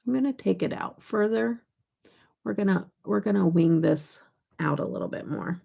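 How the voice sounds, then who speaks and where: A woman's voice: medium pitch, expressive, moderate pace, creaky, warm tone, husky. An older woman chatting casually on her makeup vlog, telling family stories and reading chat comments aloud. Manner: chatty, storytelling, reads live chat aloud. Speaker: makeup vlogger.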